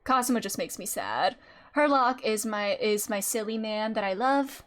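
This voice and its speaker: A woman's voice: mid-range voice, lively intonation, normal speed, a bit bright. A woman streaming a video game, chatting casually, laughing often and swearing freely. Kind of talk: casual gameplay commentary. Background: faint game music.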